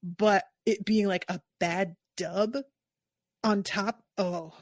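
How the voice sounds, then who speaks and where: Woman podcast host, American, expressive and lively, mid pitch, dry close-mic sound. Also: no room sound. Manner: animated, expressive, quick asides. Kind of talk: casual podcast chat.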